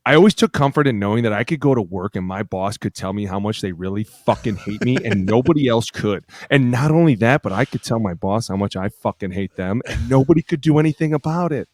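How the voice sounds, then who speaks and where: A man's voice: fairly low pitch, animated, quick pace, hardly any pauses, a little mellow, dry recording. A former football lineman co-hosting a podcast, brash and profane in casual chat.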